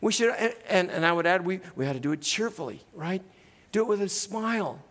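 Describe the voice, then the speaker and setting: A middle-aged male pastor preaching in a church, in a relaxed conversational way, often tagging "right?" onto his points. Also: high-pitched, brisk, long reverb tail. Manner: conversational, keeps adding "right?". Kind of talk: sermon. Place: church sanctuary.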